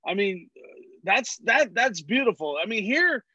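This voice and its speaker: A comedian from California telling stories as an interview guest. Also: male voice, high voice, sing-song, a little slow, sharp tone, breathy edge, dry recording, muffled recording. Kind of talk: casual interview chat.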